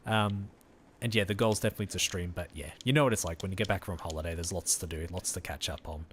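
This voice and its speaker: A man's voice: sits low, steady tone, fast talker, fairly bright tone, a little hiss or hum. A tired man chatting casually with viewers while streaming a game, easygoing and friendly. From Australia. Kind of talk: casual live-stream chat.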